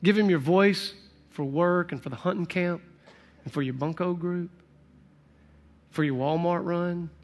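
An earnest male pastor, his voice sitting a little high, leads a sermon with an altar call and prayer at a measured pace, pausing often. He leans on repeated phrases with emphatic conviction while a long reverb trails his words through a large church hall.

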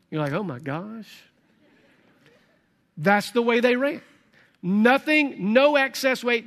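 High-voiced preacher, folksy. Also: male voice, a bit bright. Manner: conversational preaching, folksy asides. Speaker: pastor. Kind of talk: sermon.

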